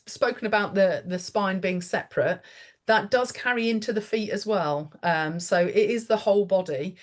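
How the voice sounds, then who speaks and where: A woman therapist speaking as a podcast guest, animated and chatty, acting out quoted voices as she tells stories. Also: mid-range voice. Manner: animated storyteller, acts out quotes. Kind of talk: podcast interview.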